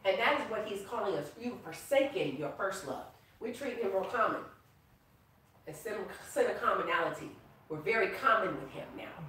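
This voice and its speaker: A woman leads an informal Bible class with lively, playful energy, laughing and calling out to her listeners as she reads. Her voice sits in the middle range and rings through a big reverberant room, caught from a distance by the mic, with a faint hiss under it. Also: mid-range voice, moderate pace. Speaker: prophetess teaching a class. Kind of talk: casual Bible teaching. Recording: echoey room recorded from far off.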